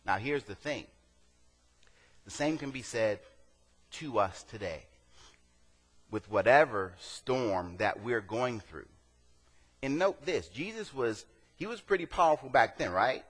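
A man's voice: mid-range voice, expressive, unhurried, pauses often, husky, long reverb tail. A male pastor preaching a sermon, talking to the congregation in a conversational way and rising to emphatic peaks.

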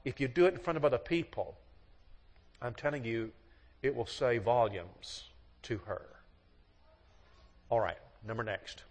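A man's voice: medium pitch, unhurried, long pauses. A middle-aged man preaching a sermon on marriage in a folksy, storytelling way, acting out both sides of the dialogues. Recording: long hall reverb.

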